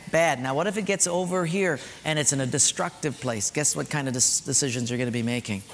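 A male preacher with a fairly high voice, moving between emphatic points and soft storytelling. He is heard in a reverberant hall, a faint layer of noise underneath. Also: a little fast, hardly any pauses. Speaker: pastor. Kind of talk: sermon.

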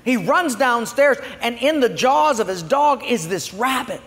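High-voiced man preaching, story going soft then loud, lots of hall echo. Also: lively intonation, unhurried. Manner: storytelling, swinging from hushed to loud. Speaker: pastor. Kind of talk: sermon. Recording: long hall reverb.

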